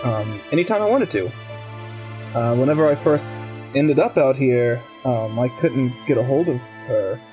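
Male player in character, mid-pitched, hesitant and halting delivery, faint music bed. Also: lively intonation, mellow. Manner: hesitant, halting, many ums and restarts. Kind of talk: in-character role-play.

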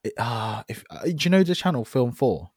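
A man's voice: medium pitch, very animated, moderate pace, a little mellow, slightly rough, dry recording, studio quality. A man chatting casually as a podcast co-host, rambling with lots of fillers and restarts. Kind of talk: casual chat.

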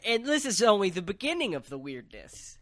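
A man co-hosting a podcast, recapping a story in relaxed casual chat with lots of fillers. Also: sits high, fairly quick, no echo. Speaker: podcast co-host.

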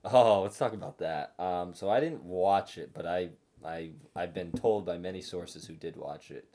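A man's voice: low-pitched, moderate pace, warm tone. A young man in casual conversation, laughing often and swearing freely in loose, slangy talk. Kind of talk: casual chat.

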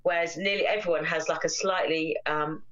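A woman's voice: sits low, fairly even intonation, fairly quick, a bit bright, highs cut off. A woman co-hosting a casual chat podcast, retelling a story at length. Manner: chatty, retells plots at length. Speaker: podcast co-host. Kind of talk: casual chat, film review.

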